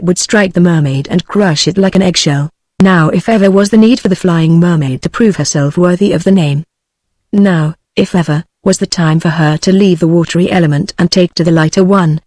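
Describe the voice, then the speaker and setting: A woman's voice: fairly low pitch, a little mellow, dry recording, clean studio sound. Synthetic British woman reading a novel. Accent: British English. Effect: text-to-speech voice. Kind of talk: synthetic audiobook narration.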